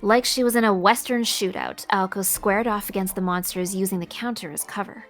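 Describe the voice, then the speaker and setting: A woman reading a visual novel aloud as the narrator, telling it in a steady, expressive way. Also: mid-range voice, brisk, faint music behind. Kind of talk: dramatic narration read aloud.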